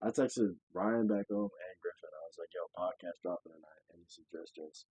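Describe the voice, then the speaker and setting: A man's voice: sits low, brisk, mellow, slightly rough, no room sound, lo-fi sound. A young man hosting a casual podcast, joking loosely and swearing often. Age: young adult. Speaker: podcast host.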